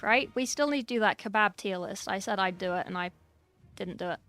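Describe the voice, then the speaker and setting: A woman's voice: mid-range voice, fairly quick, a bit bright, no echo, soft background music. A young woman chatting casually on a livestream while painting miniatures, reading and answering her chat from a small room at home. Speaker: streamer.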